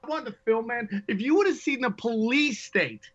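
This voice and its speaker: A man's voice: very high-pitched, animated, moderate pace, fairly bright tone, lo-fi sound. A man talking as a podcast guest, a stand-up comic ranting in casual, profane, rambling chat.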